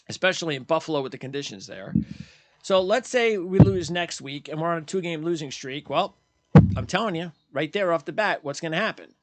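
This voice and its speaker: High-voiced man in a heated sports rant. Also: no room sound. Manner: heated, blunt, repetitive ranting; mocks fans in put-on quoted voices. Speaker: sports channel host. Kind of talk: post-game sports commentary rant.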